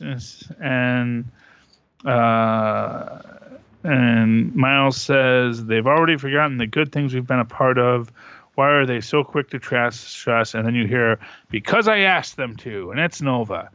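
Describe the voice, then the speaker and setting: A man's voice: mid-range voice, slow, a bit bright, no room sound. A man co-hosting a podcast, casually recapping a comic book and reading its dialogue aloud, rambling with many fillers and restarts. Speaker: podcast co-host reviewing comics. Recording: dull, dry lo-fi podcast audio.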